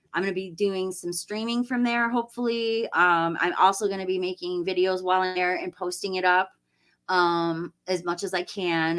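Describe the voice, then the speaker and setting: Tired woman streamer, slightly low voice, chatty and rambling with viewers. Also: fairly bright tone. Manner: chatty, laughs often, rambling restarts. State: tired after a long stream. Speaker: livestream host. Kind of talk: casual live chat reading viewer comments.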